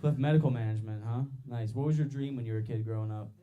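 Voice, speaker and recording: A young man doing a stand-up comedy set on a club stage, loud and laughing as he works the crowd. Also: medium pitch, racing, highs cut off, noisy background.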